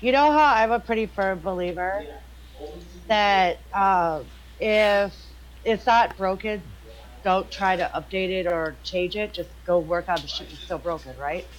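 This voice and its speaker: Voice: medium pitch, measured pace, a little hiss or hum, low-quality recording. A gaming friend on voice chat, blunt and argumentative, swearing as they make their case.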